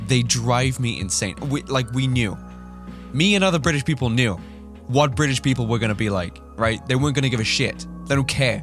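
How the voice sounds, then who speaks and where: A man's voice: mid-range voice, fairly quick, fairly bright tone, faint music behind. A man hosting a reaction vlog, ranting animatedly and swearing. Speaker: YouTuber.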